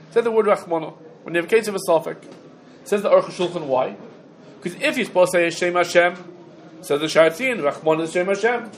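A man's voice: sits high, quick pace, a little hiss or hum. A man teaching a halacha class, going through rulings step by step, quoting sources and asking questions. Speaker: Torah teacher.

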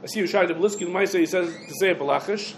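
High-voiced man giving a quick Talmud lesson. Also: noisy background. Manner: rapid, loose Hebrew-English lecture speech with restarts. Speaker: rabbi teaching a Talmud class. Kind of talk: halachic lecture to a class.

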